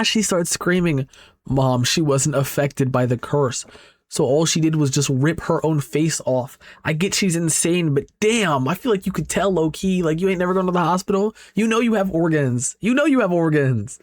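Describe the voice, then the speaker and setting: A man's voice: a little high, normal speed, no room sound, clean studio sound. A young man giving casual commentary over a horror manga recap, reacting aloud as he goes.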